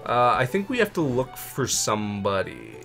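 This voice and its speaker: A young man of middle pitch talks casually over gameplay, trading quick nerdy banter and playful asides. Faint game music sits underneath. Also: wildly swooping pitch, creaky, a bit bright. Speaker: let's play co-host.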